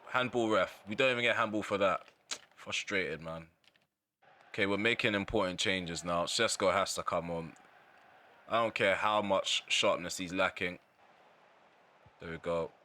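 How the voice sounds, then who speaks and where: A man's voice: low-pitched, pushed and bright, a little hiss or hum. Frustrated man ranting over gameplay. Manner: exasperated, ranting about the match. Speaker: gaming channel host. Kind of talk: live gameplay commentary.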